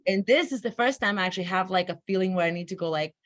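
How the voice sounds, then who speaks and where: A woman's voice: on the low side, rapid-fire. A woman in a coaching session, speaking candidly with lots of fillers. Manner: candid, animated storytelling with many fillers. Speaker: coaching client. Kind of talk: emotional personal account.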